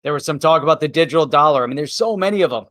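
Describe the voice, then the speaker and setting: Man, crypto co-host, casual chat, laughs often, somewhat high voice, dry sound. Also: lively intonation, very fast, a bit bright, no room sound. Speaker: co-host of a live crypto show.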